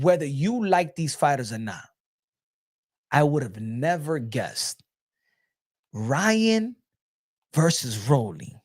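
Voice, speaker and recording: A man's voice: fairly high pitch, very animated, unhurried, pauses often. A man hosting a boxing show, ranting casually and profanely, with lots of repetition. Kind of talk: casual commentary rant.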